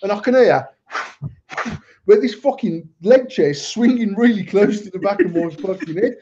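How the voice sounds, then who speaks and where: Podcast co-host, sweary and animated storyteller, mellow husky voice, lo-fi recording. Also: male voice, high-pitched, normal speed. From United Kingdom. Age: adult. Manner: sweary, animated, laughs through his own story. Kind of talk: casual storytelling banter. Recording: dull lo-fi sound.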